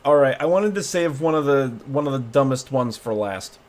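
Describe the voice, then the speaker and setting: A man's voice: mid-range voice, lively intonation, moderate pace. A man vlogging a casual reaction video, rambling with many fillers and restarts. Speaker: YouTube vlogger.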